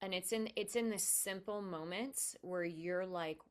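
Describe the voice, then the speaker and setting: A woman's voice: on the low side, measured pace. A woman podcast host speaking earnestly and emphatically in a conversational interview, often restarting her sentences.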